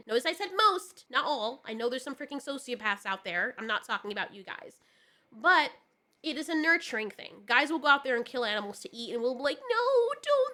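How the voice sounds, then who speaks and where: Young woman, casual co-host, animated and blunt, bright voice pitched a little high. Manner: animated, swings between loud and hushed, swears freely. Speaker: podcast co-host. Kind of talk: casual advice chat.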